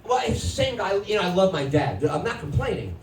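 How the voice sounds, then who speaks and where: A middle-aged man tells a stand-up story on a comedy club stage, acting out family voices and shouting the big moments. His pitch swoops widely. He is picked up from a distance in an echoey room with audible noise. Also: brisk. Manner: animated, acts out family voices, shouts punchlines.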